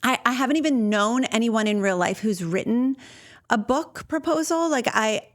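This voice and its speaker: A woman's voice: on the high side, expressive, normal speed. A woman hosting a solo podcast about ADHD, talking in a casual, earnest and personal way, with fillers and restarts. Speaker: podcast host and ADHD coach.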